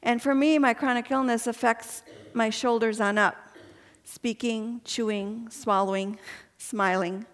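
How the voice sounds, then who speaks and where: A woman's voice: a little high, fairly even intonation, measured pace. A woman giving a personal faith testimony to a women's gathering, chatty and earnest and laughing often. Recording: long hall reverb.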